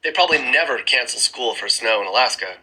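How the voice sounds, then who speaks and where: A man's voice: mid-range voice, expressive, quick pace, pushed and bright, husky, poor audio. A man giving casual, sarcastic commentary while scrolling through maps, with chuckling asides, recorded on a phone. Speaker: screen-recording vlogger. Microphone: phone screen-recording mic.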